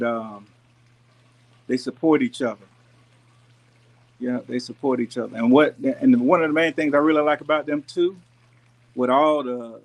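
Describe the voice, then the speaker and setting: Laid-back man chatting on a live stream. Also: mid-range voice. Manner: relaxed, folksy, talks to viewers directly. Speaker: YouTube gardening channel host. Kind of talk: casual live-stream chat. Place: rented house with pool and jacuzzi. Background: pool and jacuzzi noise.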